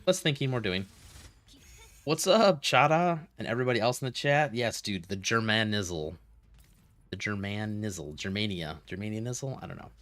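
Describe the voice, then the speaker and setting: A man hosting a casual gaming stream, his voice dry and close with no room around it. He rambles between game moves and stories in a mid-pitched, everyday tone. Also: a little fast, dry recording. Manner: rambling, animated storyteller, talks through game moves.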